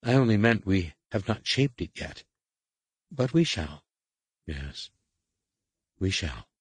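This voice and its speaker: A man's voice: deep voice, big pitch swings, takes it slowly, breathy edge, no echo, heavily acted. A man voicing a young female adept who answers her superior in a deferential, cautious way, lifting his voice somewhat for her.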